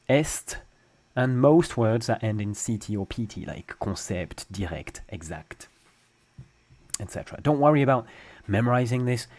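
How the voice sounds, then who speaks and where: A man's voice: fairly low pitch, darkish tone. Playful French-accented man teaching. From France. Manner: playful, joking explanations with drawn-out example sounds. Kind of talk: casual spoken lesson.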